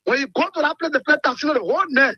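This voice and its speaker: A man's voice: very high-pitched, very fast, dry recording. A man calling in to a radio show, talking in a rambling, insistent way. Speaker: caller. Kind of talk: call-in commentary. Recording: dull phone line.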